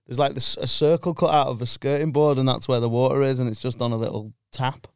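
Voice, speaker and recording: A man talks in loose, rambling podcast banter, swearing freely and breaking into laughs. His voice is smooth and resonant, and the sound is dry and close, with no room around it. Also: mid-range voice, steady tone, fast talker, a little mellow, no room sound. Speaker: stand-up comedian, podcast guest. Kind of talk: casual banter.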